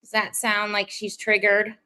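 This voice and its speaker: A woman's voice: medium pitch, completely flat delivery, unhurried, heavy background noise. A woman streaming and chatting casually as she reacts to clips, musing aloud with small laughs. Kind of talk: casual commentary.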